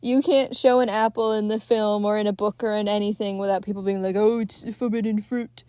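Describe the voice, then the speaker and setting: A young woman talks through a film on her podcast at a mid pitch. She rambles loosely with fillers and casual swearing. Her voice sits close and dry with no room sound. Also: little pitch movement, brisk, warm tone, clean tone, no room sound. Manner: rambling, many fillers, swears freely, frequent laughs. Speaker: podcast host.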